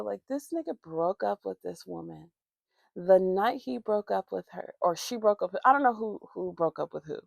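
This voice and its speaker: A woman's voice: medium pitch, animated, normal speed, creaky, dry recording. A woman vlogger telling a rambling, profane storytime while doing her makeup, acting out the people in it. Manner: rambling, profane, acts out quoted voices. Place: at home, morning makeup routine.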